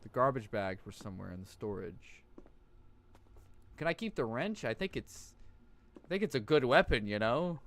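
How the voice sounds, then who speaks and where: A man's voice: medium pitch, animated, moderate pace, pauses often, fairly bright tone. A man streaming a horror game live, his voice bouncing up and down as he jokes and swears. He reads the on-screen text aloud between wisecracks. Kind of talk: live gameplay commentary.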